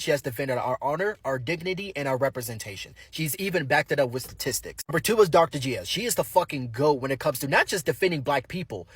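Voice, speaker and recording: A man giving blunt, animated video commentary with casual swearing. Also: on the high side, husky, no room sound, studio quality.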